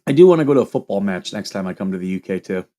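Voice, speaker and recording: A man's voice: fairly low pitch, animated, very fast, warm tone, a little hiss or hum. A man hosting a casual livestream, reading viewer questions aloud and answering them in a loose, rambling way.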